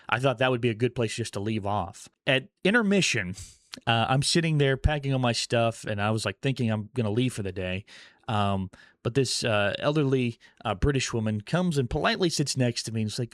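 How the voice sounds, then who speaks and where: A man's voice: medium pitch, lively intonation, fairly quick, a bit bright, no echo, clean studio sound. A man in casual vlog storytelling, rambling and correcting himself as he goes. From United States. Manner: rambling, self-correcting, chuckles while telling stories. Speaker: vlogger.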